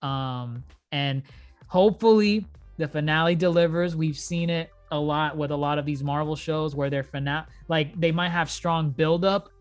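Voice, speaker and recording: A man's voice: a little high, normal speed, clean tone, soft background music. A man hosting a casual podcast about TV shows, chatting loosely and laughing between his points. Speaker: podcast host.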